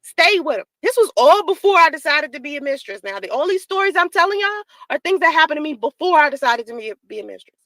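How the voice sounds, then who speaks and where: A woman's voice: high-pitched, very animated, quick pace, a bit bright, no room sound, rough recording. A woman telling a personal story in a casual, profane way, acting out the dialogue she quotes. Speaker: storyteller in a played clip.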